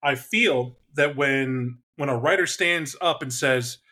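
A man in casual conversation about tabletop games, animated and quick to act out voices. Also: medium pitch. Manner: animated, acts out voices and shouts in bursts.

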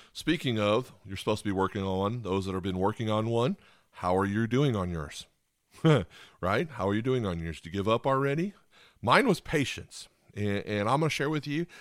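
A man's voice: lowish voice, lively intonation, moderate pace, no echo, studio quality. A man preaching a sermon as pastor, repeating key lines and asking listeners rhetorical questions.

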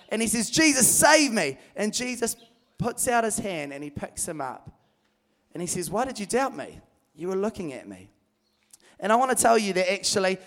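A young man giving an animated sermon at a youth camp, telling Bible stories with energy and acting out the voices in them. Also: on the high side.

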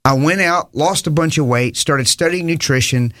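Earnest man, slightly high voice. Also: moderate pace, a bit bright, no room sound, clean studio sound. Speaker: preacher, guest. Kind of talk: casual conversation.

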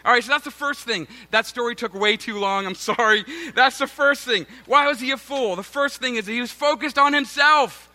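A man's voice: very high voice, moderate pace, few pauses, pushed and bright. A man in his thirties, a pastor, giving a sermon with a self-mocking personal story and chatty asides to the congregation. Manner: self-mocking, conversational, addresses congregation as guys.

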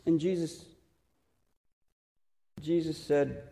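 High-voiced man preaching in a hall. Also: level tone, creaky, mellow. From Texas. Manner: questioning, emphatic, slows for stress. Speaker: pastor. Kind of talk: sermon. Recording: reverberant hall.

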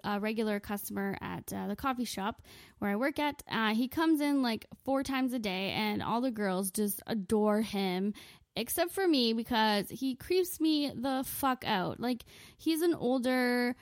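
A woman's voice: fairly high pitch, no echo. A woman telling a comic story in a profane, sarcastic, self-mocking way. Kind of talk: comedic storytelling monologue.

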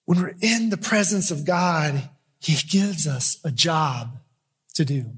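Male pastor, sermon, emphatic then hushed, long church-hall reverb. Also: on the high side, takes it slowly. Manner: swings from loud emphatic preaching to quiet intimate storytelling.

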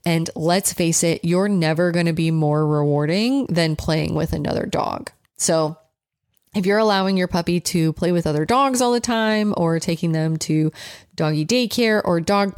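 A woman dog trainer talks through her advice in a frank, direct, conversational way. Her voice sits a little low, and the sound is close and dry with no room echo. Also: darkish tone. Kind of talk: casual advice monologue.

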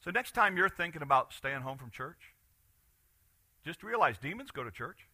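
A man preaching a sermon as pastor, animated, swinging from loud bursts to quiet asides. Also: on the high side, normal speed, dry recording.

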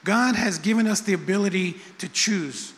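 A man's voice: high voice, normal speed. A middle-aged man preaching a sermon, conversational and repetitive, with self-deprecating asides. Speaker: pastor. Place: church sanctuary. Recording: long church hall reverb.

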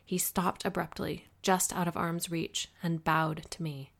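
Low, gravelly woman narrator. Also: level tone, a little slow, a bit bright. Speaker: audiobook narrator. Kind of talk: first-person audiobook narration.

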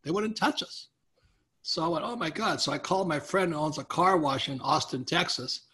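At a moderate pace, a guest author relates a long anecdote to his interviewer with lively energy, acting out everyone he quotes to keep the story moving. His voice is a man's, slightly higher than most and strikingly bright.

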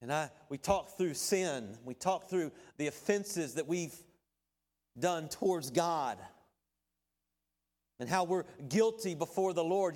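A middle-aged pastor preaching a sermon in a conversational way, with asides and everyday illustrations. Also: male voice, fairly high pitch, animated, slow, a little mellow.

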